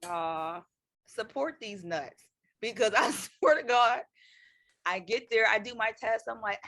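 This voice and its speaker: A young woman in her twenties co-hosts a casual storytime chat, telling her side with plenty of slang and laughter. Her voice sits a little high and rings bright and sharp. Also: moderate pace. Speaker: co-host.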